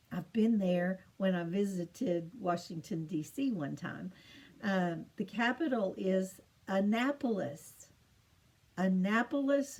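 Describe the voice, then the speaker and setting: A middle-aged woman teaching children, slow and patient, repeating each answer in a sing-song lilt. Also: on the low side, darkish tone. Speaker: teacher of state capitals to children. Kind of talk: slow home-made lesson for children.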